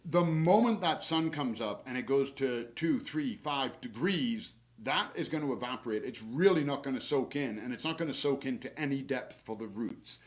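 This easygoing webinar features a horticulturist explaining how to look after a garden in spring, his voice pitched in the ordinary middle range. He talks at a normal pace with few pauses, wandering a little, filling gaps with "uh" and "um," and joking about his mistakes. His advice is practical and comes from his own yard.

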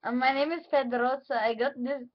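A high, squeaky-voiced prank caller fake-sobbing over a stolen potato, stammering and barely keeping a straight face, as a woman puts it on. The audio is dull and lo-fi. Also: steady tone, fairly quick, natural voice. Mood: mock grief.

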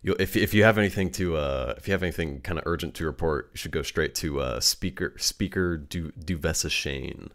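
A man's voice: rumbling low, a little fast, hardly any pauses, fairly bright tone. A man doing an offhand town guard. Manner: offhand, slightly puzzled. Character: casual male town guard calling down from a wall. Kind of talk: game master voicing a character.

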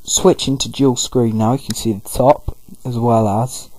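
A man's voice: mid-range voice, fairly even intonation, a little slow, mellow, dry recording, rough recording. Rambling male let's-play narrator. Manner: rambling, loose, full of fillers. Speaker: gaming video host. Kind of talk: casual let's-play commentary.

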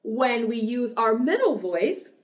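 A young woman teaching small children about singing, talking slowly and brightly, with lots of praise and sung examples. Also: very animated. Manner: warm praising, sings examples, owl hoots and drum booms. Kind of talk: slow, sing-song lesson for small children.

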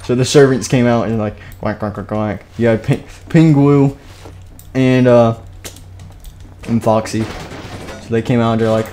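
A man's voice: medium pitch, steady tone, measured pace, long pauses, dark tone, slight background noise. A man live-streaming, narrating an improvised game story in a rambling, goofy way with spoken sound effects.

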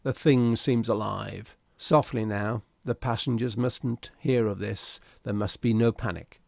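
A man voicing a calm, commanding ship's captain who gives quiet, measured orders in a slow, gravelly voice. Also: fairly low pitch, no echo. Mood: urgent, hushed.

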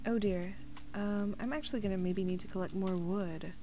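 A woman's voice: mid-range voice, moderate pace, over music. A woman streaming a game, chatting casually and giggly, thinking aloud as she plays. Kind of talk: casual gaming stream chat.

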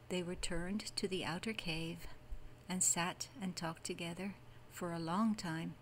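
A woman narrating a fairy tale audiobook as a bedtime story, with soft, even delivery. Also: fairly low pitch, measured pace, slight background noise, low-quality recording.

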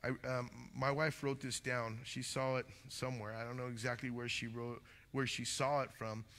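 A man's voice: medium pitch, level tone, normal speed, a bit bright. A man preaching a sermon as pastor, earnest and repeating his phrases, often tucking in "man". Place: church hall. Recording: long church reverb.

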